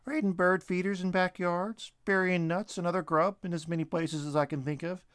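A man doing a chirpy high cheeky squirrel. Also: fairly even intonation, a bit bright, smooth, no echo, studio quality. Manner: quick chirpy chatter. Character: chatty cheeky male squirrel.

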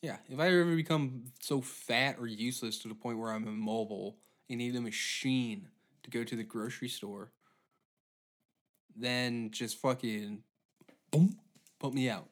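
Guy riffing solo on a podcast, swears a lot, rambly and deadpan, average pitch. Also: normal speed. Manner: rambling, profane, deadpan asides. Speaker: podcast host. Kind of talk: comedic monologue.

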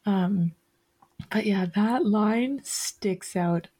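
Woman podcast host, slow and meandering, lots of fillers and restarts. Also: mid-range voice, steady tone, a little mellow. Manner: rambling, self-correcting, many fillers. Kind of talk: casual chat.

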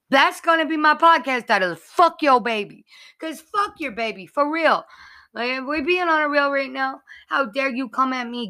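A woman's voice: fairly high pitch, bright, forceful tone. A woman hosting her own podcast, ranting crudely and heatedly, repeating herself for emphasis. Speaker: podcast host. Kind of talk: profane comedic rant.

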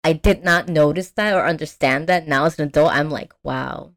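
A young adult woman host recapping a movie in casual chat. She talks in an animated, slangy way, with lots of fillers and restarts. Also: low-pitched, a little fast. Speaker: podcast host.

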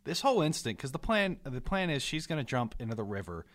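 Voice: medium pitch, very animated, fast. A podcast co-host talking casually about a film in a wry, hesitant way, stammering at times and acting out quoted lines.

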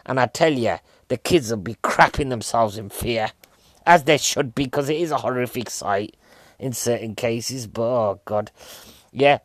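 A man in his forties chats casually about a film, rambling from joke to joke and poking fun at himself. His voice sits at a middling pitch and sounds dry and close, with no room sound. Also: unhurried, dry recording. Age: 40s. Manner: rambling, jokey, self-mocking. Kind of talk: casual film review chat.

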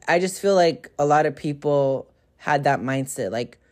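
Very deep-voiced woman, rambling and profane. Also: lively intonation, moderate pace, darkish tone. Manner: rambling, profane, filler-heavy. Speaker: podcast host. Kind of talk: casual storytelling chat.

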